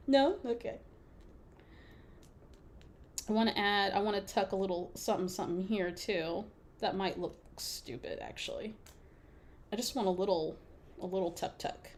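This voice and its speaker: A woman talks her viewers through a scrapbook page on a live stream in an indoor craft room, playful and chatty and quick to laugh. Her voice sits at a middle pitch. A faint hiss of noise stays under the voice throughout. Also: steady tone. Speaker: scrapbooking livestream host. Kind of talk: casual crafting livestream chat.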